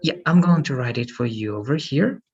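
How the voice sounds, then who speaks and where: A man's voice: mid-range voice, animated, a little fast, a little mellow, muffled recording. A man teaching English in an online lesson, patient and repeating "okay" and "right" often, heard over a video call.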